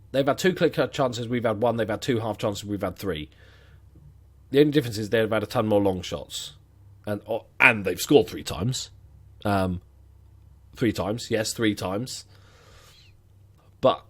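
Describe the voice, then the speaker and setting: A man with a fairly low voice talks through a football management match. He mutters dry, sarcastic asides and casual commentary as the game plays. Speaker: gaming commentator.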